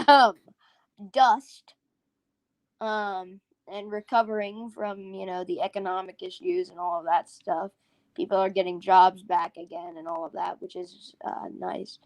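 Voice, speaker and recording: A woman's voice: mid-range voice, expressive, measured pace, creaky, dry recording, rough recording. Woman, stream co-host, tired and rambling, dry close sound. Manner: rambling, restarts a lot. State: tired, yawning. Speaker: livestream co-host. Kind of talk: casual stream chat.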